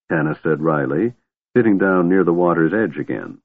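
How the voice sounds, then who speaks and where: Deep, husky male audiobook narrator. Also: lively intonation, moderate pace, dry recording. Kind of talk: scripted narration. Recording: tinny phone-like sound.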